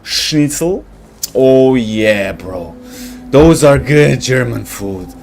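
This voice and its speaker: A young man from Romania chats with his live viewers while he plays. He talks slowly, with a lively, swooping pitch. He rambles, laughs often and hunts for words, over a faint hiss. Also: gravelly. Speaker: gaming livestream host. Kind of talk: casual chat with live viewers while playing.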